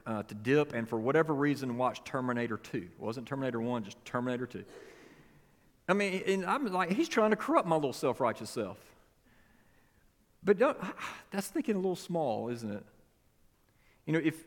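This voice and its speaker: A man's voice: medium pitch, in a large hall. A man preaching a sermon as pastor, talking in a conversational way with folksy asides and repeated words.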